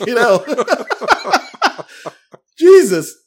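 A man co-hosting a casual film podcast, talking with loud energy and frequent laughter. His voice sits high and swings widely in pitch, and he curses freely. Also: drawn-out words, breathy edge. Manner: animated, swears a lot, laughs often. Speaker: podcast co-host.

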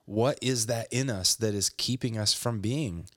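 A man with a lowish voice talking earnestly about faith and vulnerability. He reads a short passage aloud, then reflects in measured, halting phrases. The sound is dry and close, with no room around it. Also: a bit bright, no echo. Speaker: podcast co-host. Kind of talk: faith-based reflective talk.

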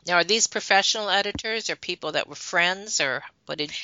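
A woman's voice: fairly low pitch, a little fast, bright, forceful tone, clean tone, no room sound. A woman interviewing a guest, asking questions in an encouraging way and laughing readily. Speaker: interviewer, host. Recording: dull lo-fi dry recording.

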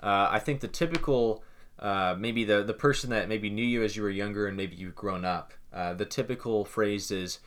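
A young man co-hosting a casual talk show, rambling and repeating words as he thinks out loud. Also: fairly low pitch, normal speed. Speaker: podcast co-host. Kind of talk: casual chat.

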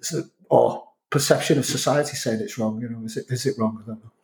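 In an echoey room, a middle-aged interview guest from North Wales, whose accent carries Scouse and Manchester touches, talks fast with fairly even intonation. His mid-range voice is creaky and a little mellow, and his reflective, rambling talk is full of restarts.

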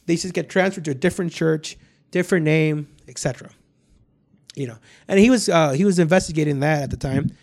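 A man's voice: fairly high pitch, fairly quick, a little mellow. A man hosting a podcast, telling a story in rambling casual chat, full of restarts and swearing. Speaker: podcast host.

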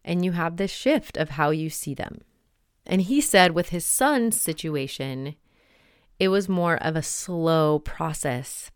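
A woman with a low, smooth voice talks through personal stories in a loose, chatty way. She is recorded close up with a dry sound and no room around her. Her talk is full of little fillers and restarts. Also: no echo. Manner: chatty, storytelling with many fillers. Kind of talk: casual reflective monologue with read-aloud story.

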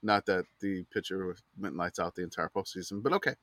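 A man's voice: deep voice, quick pace, fairly bright tone, no echo, studio quality. A man co-hosting a casual sports podcast, joking around and often repeating words as he starts his sentences. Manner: hesitant, repeating words, jokey. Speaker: podcast co-host. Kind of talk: casual chat.

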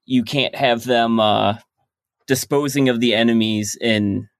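A man's voice: medium pitch, steady tone, unhurried, clear, resonant tone, no echo, studio quality. A man being interviewed on a podcast about his work, explaining his ideas at length in casual chat. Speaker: guest comic creator.

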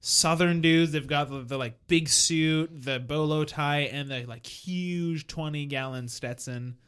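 Halting, chatty man on a podcast. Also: on the high side, fairly bright tone, clean tone. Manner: hesitant, many restarts. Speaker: podcast co-host. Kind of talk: casual group chat.

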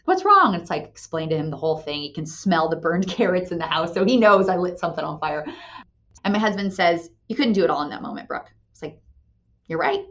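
A woman in her thirties, a company president and mother, telling a candid story and tagging her points with a quick "right?". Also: sits low. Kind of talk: motivational talk. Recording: dull lo-fi sound.

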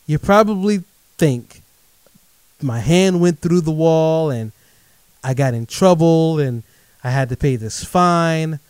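Guy telling a wild story to the crowd, lively and chatty, dry close sound. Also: mid-range voice, no room sound. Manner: animated, addresses audience directly as folks. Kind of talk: storytelling monologue.

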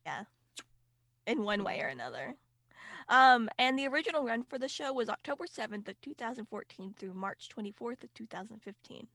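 A woman co-hosting a podcast, talking in a laid-back, casual way with easy laughs and the odd swear word. Her voice sits a little high, and it is recorded close and dry. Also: sing-song, a little fast, creaky, a bit bright, no echo. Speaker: podcast co-host. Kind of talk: casual chat.

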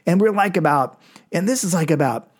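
Older man, 60s, slightly high voice, loose profane storyteller. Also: lively intonation, fairly quick, husky. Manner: rambling, frequent restarts and profanity, chuckling. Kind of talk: casual personal storytelling.

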